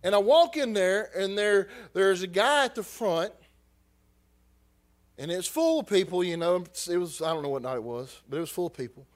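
Missionary guy telling his story, high voice, keeps stumbling over words. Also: animated. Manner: emotional, halting with repeated words. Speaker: missionary preacher. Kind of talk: personal testimony.

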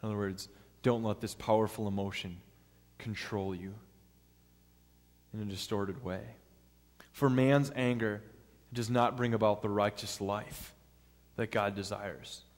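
A man's voice: on the low side, fairly even intonation, unhurried, long pauses. A man preaching a sermon in an earnest, step-by-step teaching manner. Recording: long hall reverb.

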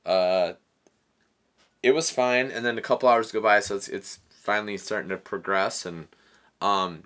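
Man, 30s, casual storyteller, lowish pitch, bright forceful tone, laughs a lot. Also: moderate pace. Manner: laughing, animated, swears often.

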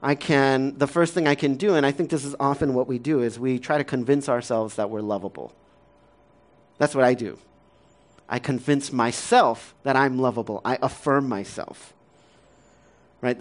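A man in his thirties preaching a conversational sermon as a pastor, casual and full of fillers, often laughing, moving between soft, quiet stretches and lively ones. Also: mid-range voice, moderate pace, long pauses.

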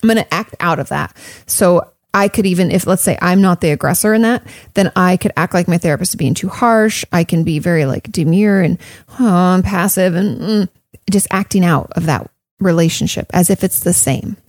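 A woman's voice: lowish voice, a little fast, darkish tone, no echo, clean studio sound. A woman therapist answering listener questions in a casual, conversational way, often saying "like" and "um" and repeating her points for emphasis. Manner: conversational, frequent "like" and "um", emphatic repetition. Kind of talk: casual advice talk.

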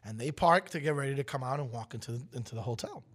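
A fast-talking man in his forties with a slightly rough, mid-range voice co-hosts a radio show. In casual chat he tells a story as an animated storyteller, loudly acting out the quotes of the people in it.

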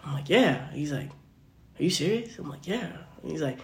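A man's voice: a little high, lively intonation, normal speed. A young man hosting a podcast, telling personal stories casually and acting out both sides of each conversation. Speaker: podcast host. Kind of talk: casual storytelling chat. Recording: roomy echoey room.

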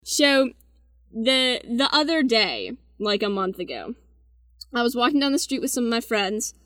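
A teenage girl telling anecdotes in casual chat, laughing through quick asides. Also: fairly high pitch, sing-song, a bit bright, dry recording. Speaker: guest storyteller.

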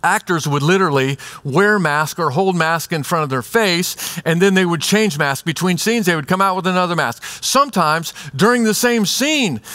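A male pastor preaching in a relaxed, conversational way, sounding like he is talking straight to the room. His voice sits fairly high for a man. He often acts out little scenes to make his point. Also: no room sound. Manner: conversational, animated, acts out examples. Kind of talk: sermon.

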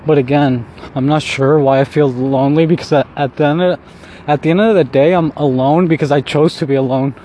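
Walking a city street, a young man vlogs briskly in a slightly high, warm voice with fairly even intonation. He talks casually and rambles, swearing often, mocking himself, and laughing at himself, as faint street noise plays in the background.

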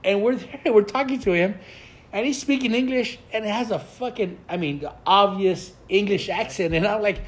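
A man's voice: sits high, moderate pace. An older man and grandfather telling rambling, profane stories in a casual chat with friends, often breaking into laughter. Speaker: storyteller in a group chat.

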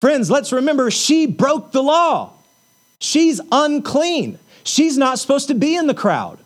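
High-voiced man preaching a sermon. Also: very animated, a little slow. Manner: conversational, with rhetorical questions and filler words. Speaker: pastor.

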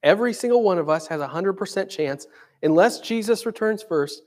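A man's voice: high-pitched, expressive, a little fast, darkish tone. A man preaching a sermon in a conversational way, dramatically acting out quoted voices. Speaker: pastor.

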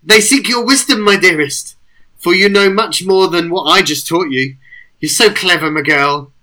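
A man's voice: sits high, moderate pace, pushed and bright, pitched above the performer's own voice, rough recording. A man voicing Sir Lucia, an odd elderly woman guide who fusses lovingly over a creature in a cave. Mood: doting.

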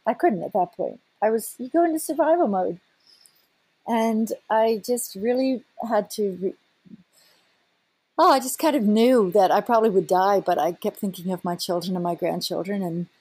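An older woman, a scientist, animatedly recounting a personal story in an interview with a husky voice. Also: medium pitch, no room sound. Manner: animated, breaks into laughter and restarts. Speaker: scientist guest.

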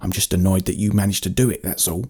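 A man voicing a gruff, grumpy ancient forest creature who hates losing, in a bedtime storybook. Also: sits low, steady tone, fast talker, mellow. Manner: gruff, blustering, easily annoyed. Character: grumpy ancient male forest fighting creature, sore loser.

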